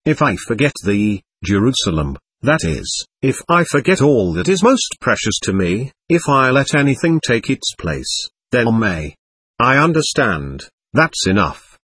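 A man reading the part of a proud schoolboy who talks quickly, gruffly and abruptly. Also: medium pitch, big pitch swings, fairly bright tone, no echo, exaggerated voice. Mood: fierce. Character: proud schoolboy, brusque and hurried.

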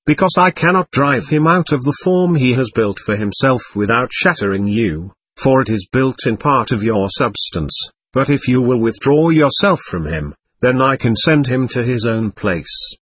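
A man reading the lines of a venerable old man with a white beard, speaking slowly and solemnly in formal phrases. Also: mid-range voice, expressive, fairly bright tone, slightly rough, dry recording. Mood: grave. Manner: solemn, measured, ritual phrasing.

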